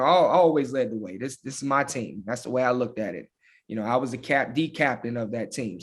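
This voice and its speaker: A man from Hampton, Virginia, a football coach, telling a story casually with frequent fillers. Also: mid-range voice. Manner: animated, laughing, with lots of fillers like "man" and "you know". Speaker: high school football coach, guest.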